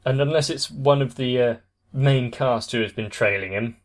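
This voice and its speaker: Young guy chatting about an episode, measured, mid-pitched voice, trails off at the ends. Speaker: anime reaction channel host. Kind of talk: casual commentary.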